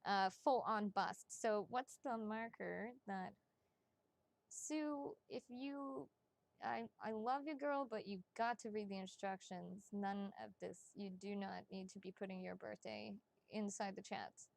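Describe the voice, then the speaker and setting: A woman giving psychic readings on a casual live stream, chatty and excitable, swearing freely and talking straight to her viewers. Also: mid-range voice, unhurried, vocal fry, no room sound.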